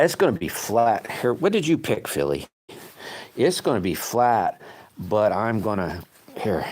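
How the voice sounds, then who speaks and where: A low-pitched man chatting through a livestream as he works. His voice swings up and down a lot, and he rambles in a folksy way, restarting his sentences and chuckling at himself. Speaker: livestream host making slingshots. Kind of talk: casual livestream chat while working.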